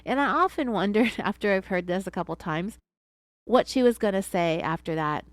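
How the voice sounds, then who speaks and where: A woman's voice: on the low side, moderate pace, dry recording. A woman hosting a true crime podcast, giving scornful, sarcastic commentary. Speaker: podcast host.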